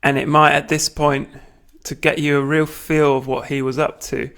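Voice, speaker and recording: A British man reading a manifesto aloud at a deliberate pace, breaking off for wry asides and small self-corrections. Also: fairly high pitch, level tone, fairly bright tone, clear, resonant tone. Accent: British English. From Britain. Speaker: reader of a manifesto.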